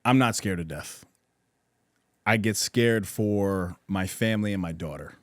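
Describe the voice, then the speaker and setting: A man's voice: on the low side, a little slow, no room sound, clean studio sound. A man in casual podcast conversation, talking in an earnest, reflective way with frequent restarts and self-corrections.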